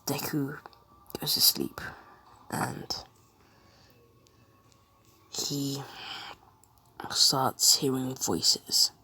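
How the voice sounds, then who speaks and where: A woman narrating an improvised fan story, rambling and halting. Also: rumbling low, sharp tone, slightly rough, in a whisper.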